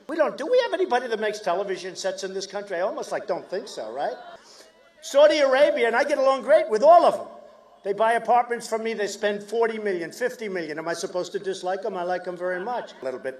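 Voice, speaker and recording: A man giving a rambling, boastful campaign rally speech from a podium, tossing shouted asides to the crowd. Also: high voice. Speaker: political candidate. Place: large outdoor stadium rally.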